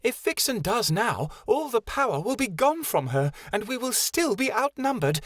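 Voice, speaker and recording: A man's voice: very high-pitched, sing-song, normal speed, a bit bright, no room sound, studio quality, voice pushed up, heavily acted. A man voicing a small, fierce female fairy warrior who speaks of herself in the third person, in an audiobook. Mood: tense.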